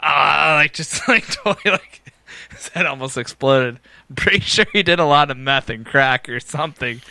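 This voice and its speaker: A man's voice: a little high, lively intonation, normal speed, vocal fry, bright, forceful tone, dry recording. A man co-hosting a casual podcast, telling rambling, profane stories and laughing often. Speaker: podcast co-host. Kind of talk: casual bar-talk podcast chat.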